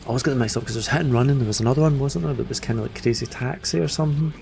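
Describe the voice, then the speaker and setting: A man's voice: medium pitch, rapid-fire, creaky, a little mellow, soft background music. A man casually commenting while he plays a video game, chatty and jokey, with enthusiastic asides. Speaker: gaming video host. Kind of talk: casual commentary over gameplay.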